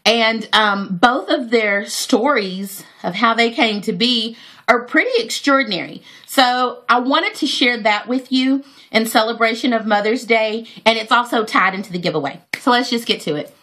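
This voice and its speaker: Woman, thirties, bright voice, chatty vlog storytelling, devout. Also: on the high side, normal speed. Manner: heartfelt, religious, chatty with many fillers. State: near tears. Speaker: vlogger. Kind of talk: personal storytelling to camera.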